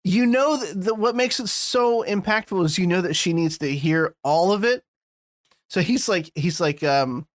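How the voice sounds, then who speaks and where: Talkative man with a higher voice. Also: normal speed, dry recording, clean studio sound. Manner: rambling, animated, swears casually. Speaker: podcast co-host. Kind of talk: casual chat.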